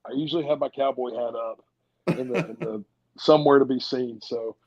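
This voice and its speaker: A man's voice: mid-range voice, fairly even intonation, fairly quick, a little mellow. A man, a podcast guest, telling laid-back stories in casual interview chat. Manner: laid-back storytelling with drawled quotes. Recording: dull lo-fi sound.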